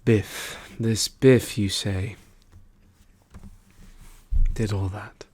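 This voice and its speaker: Whispered role-play, man playing trickster god file clerk, low voice, very slow, soft wry musing. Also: steady tone, slightly rough, exaggerated voice. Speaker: ASMR performer.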